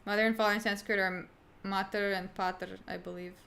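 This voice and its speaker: A woman's voice: mid-range voice, flat delivery, a little fast, gravelly, sharp tone, slight background noise. A young woman streaming, chatting casually with viewers in a rambling way, with lots of fillers and casual swearing. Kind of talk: casual livestream chat answering viewers.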